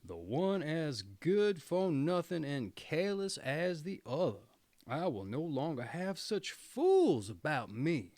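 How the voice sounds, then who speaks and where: Old storybook tailor, quick to rage, exclaiming, slow with big pitch swings; a man reads him, dry sound. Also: huge pitch swings, darkish tone, dry recording, heavily acted. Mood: scolding. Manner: wrathful, exclaiming. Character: old hot-tempered male tailor. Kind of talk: storybook reading.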